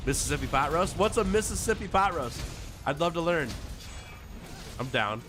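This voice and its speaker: A fairly high, expressive male voice comes at a moderate pace with long pauses, over background noise and game music. He's streaming a game and chatting playfully with viewers, laughing a lot and reading their messages aloud.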